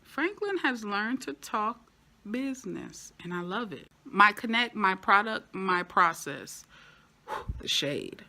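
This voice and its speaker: A woman gives a casual TV recap in a bright, forceful voice. She talks in a lively, animated way and throws in playful asides. Her voice jumps high when something excites her. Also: slow. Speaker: TV show reviewer.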